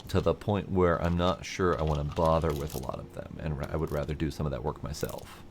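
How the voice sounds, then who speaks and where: Low-voiced man musing over gameplay. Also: fairly even intonation, brisk, slight background noise. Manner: thinking aloud, casual, mild swearing. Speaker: gameplay commentator. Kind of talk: let's play commentary.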